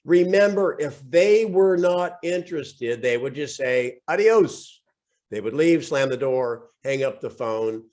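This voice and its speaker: A man's voice: mid-range voice, unhurried, hardly any pauses, a little mellow. A man hosting a real estate coaching call, upbeat and joking, his voice weak and a bit scratchy from overuse, speaking into a computer mic on a video call.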